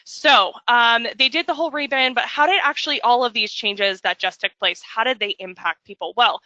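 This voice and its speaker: A woman presents a webinar with a bright, forceful, slightly high voice. She jokes and chats with her listeners and drops into quick voices for asides. The audio is a little dull and dry. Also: vocal fry, no echo. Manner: jokey, chatty, slips into quick voices for asides.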